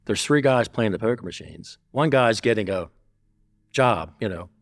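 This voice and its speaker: A man telling a story as an interview guest, blunt and profane, getting animated. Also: fairly low pitch, normal speed, no room sound, studio quality.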